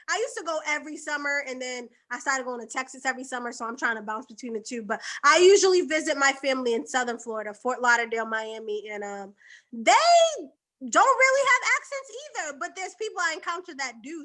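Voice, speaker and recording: Woman podcast guest from Boston, high bright voice, lively joking chatter. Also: brisk. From Boston, USA. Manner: laughs easily, lively and joking. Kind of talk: casual podcast chat.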